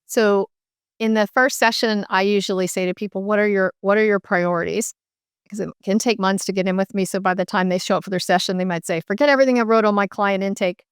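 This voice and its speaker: A woman's voice: mid-range voice, flat delivery, fairly quick, clear, resonant tone, no echo, studio quality. A middle-aged woman, a medical intuitive and author, explaining her work at length as an interview guest, with frequent "you know" asides. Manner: explanatory, many fillers and restarts.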